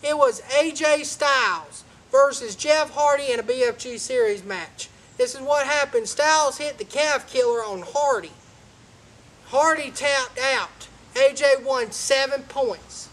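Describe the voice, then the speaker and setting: Male show host, high voice, rambling and jokey, always saying ladies and gentlemen. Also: a little slow, low-quality recording. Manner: joking, talks over his co-host. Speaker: host of a wrestling review show. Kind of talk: casual show recap.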